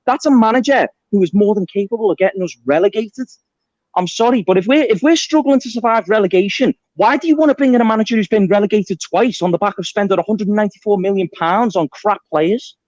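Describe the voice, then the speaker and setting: A high-voiced man calling into a fan phone-in, ranting and insisting on his facts. The line sounds dull and muffled. The sound is dry. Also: quick pace, darkish tone, no room sound. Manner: insistent, ranting, keeps saying mate. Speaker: caller. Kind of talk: heated phone-in rant.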